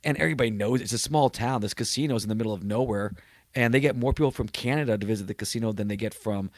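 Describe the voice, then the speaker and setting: A man's voice: lowish voice, fast talker, no room sound. A male comedian, a guest on a casual podcast, telling road stories in a conversational way. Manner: storytelling, acts out voices of people he met.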